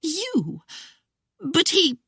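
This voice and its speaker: An audiobook narrator voicing a sharp-tongued, scheming young woman who snaps back with shrill indignation. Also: huge pitch swings, very slow, no echo, studio quality, full character voice. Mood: bewildered. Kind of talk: audiobook character voice.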